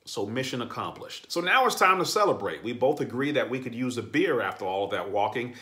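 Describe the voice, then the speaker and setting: Man narrating his travel vlog. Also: mid-range voice. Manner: relaxed conversational storytelling. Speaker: vlogger.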